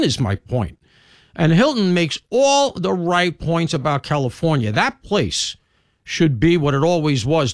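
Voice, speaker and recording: A New man hosts his radio show, opinionated and emphatic, with plenty of side remarks. His voice rides up and down with big, lively swings in pitch. The studio sound is dry and close, with no room echo. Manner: animated, emphatic, conversational with asides. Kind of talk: opinionated talk radio monologue.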